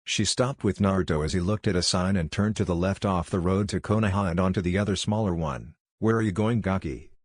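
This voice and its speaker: A man reads a fanfiction story aloud in a steady, measured narration. His voice sits very low, and the recording is dry and close with no room sound. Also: no room sound. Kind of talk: scripted narration.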